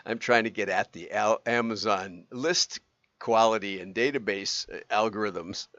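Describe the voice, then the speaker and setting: A man's voice: lowish voice, moderate pace, fairly bright tone, no echo, muffled recording. A man hosting a livestream, talking in a rambling, self-correcting way. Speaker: livestream host. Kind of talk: casual commentary.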